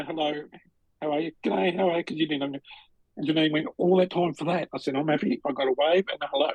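A man's voice: a little high, fast, darkish tone, breathy edge, no echo, poor audio. A middle-aged man, co-hosting a podcast and telling stories in a casual, rambling way full of restarts. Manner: chatty, storytelling with lots of restarts. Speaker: podcast co-host. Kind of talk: casual chat.

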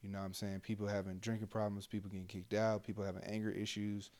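Young man, soldier, low-pitched, blunt, heated, profane, casual chat. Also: little pitch movement, quick pace, darkish tone. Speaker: army soldier, podcast co-host.

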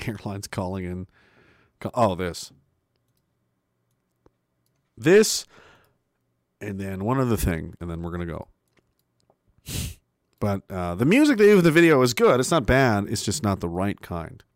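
A man's voice: fairly low pitch, big pitch swings, measured pace, pauses often, no room sound, clean studio sound. A man hosting a casual live stream, reacting to chat with laughter, swearing and trailing mutters. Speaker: livestreamer.

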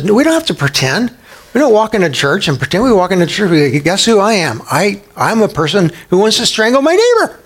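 A male pastor with a somewhat high voice delivers a casual, lively sermon. He acts out quotes and talks to the congregation like a friend. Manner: animated, conversational preaching with acted-out quotes.

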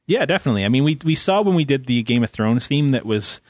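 A man's voice: medium pitch, animated, dry recording. A man co-hosting a casual podcast for a game studio, talking with restarts and filler words. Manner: quick, wordy, hesitant with restarts.

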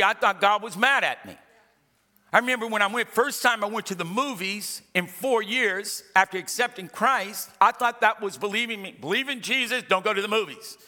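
A man's voice: high-pitched, bright, forceful tone. Emphatic preaching man in echoing hall. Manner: emphatic, repetitive preaching with humorous asides. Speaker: pastor. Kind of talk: sermon. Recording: long reverb of a large hall.

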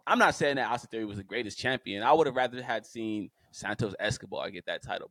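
A man's voice: fairly low pitch, quick pace, fairly bright tone, dry recording. A man co-hosting a podcast in casual chat, emphatic and exasperated, firing off rhetorical questions. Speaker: podcast co-host.

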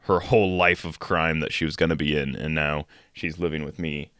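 A very deep-voiced man talks in a relaxed, halting way, full of fillers. His voice sounds dry and close to the mic, from a room at home. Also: clean tone, no room sound. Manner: hesitant, filler-heavy, laid-back. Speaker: podcast co-host. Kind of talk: casual podcast chat.

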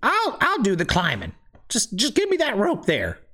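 A man's voice: high voice, wildly swooping pitch, normal speed, pushed and bright. A man playing a tabletop game in character, talking playfully. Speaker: player.

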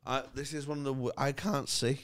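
A man's voice: mid-range voice, steady tone, brisk, smooth. A young man from the North of England, a podcast co-host, swearing and teasing in casual banter. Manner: swearing, loud teasing bursts.

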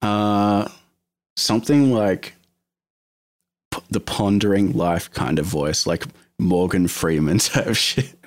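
A man's voice: sits low, slow pace, pauses often, no echo, clean studio sound. A young man hosting a podcast, chatting in a laid-back way and swearing casually. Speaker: podcast host. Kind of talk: casual chat.

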